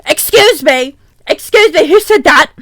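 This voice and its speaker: Woman doing a yelling angry janitor. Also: sits high, lively intonation, a little slow, no room sound. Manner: yelling, indignant. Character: angry male school janitor, bossy and shouting.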